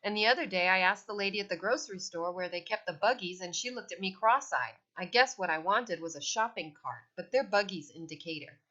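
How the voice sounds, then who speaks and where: A woman's voice: on the low side, a little fast, hardly any pauses, sharp tone. A woman voicing a gushing Southern mother with a chirpy hostess manner, in a dull lo-fi recording. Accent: Southern US, put on.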